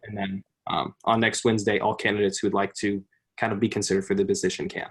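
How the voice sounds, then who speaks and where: Low, flat-voiced man chairing a meeting. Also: fast, husky. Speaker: student senate presiding officer.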